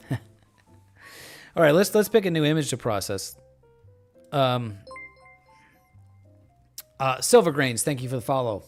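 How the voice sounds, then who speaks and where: Slow-talking man hosting a casual stream. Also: mid-range voice. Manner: slow, rambling, many fillers; relaxed, joking. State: a bit tipsy from beer. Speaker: live-stream host. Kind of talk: casual live-stream chat. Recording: faint music in background.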